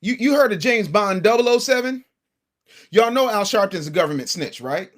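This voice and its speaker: Brief: male livestream host, brash and combative, high voice with a very animated pitch. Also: moderate pace. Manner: brash, combative, talks to the chat. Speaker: host of a commentary show. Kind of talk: casual livestream political commentary.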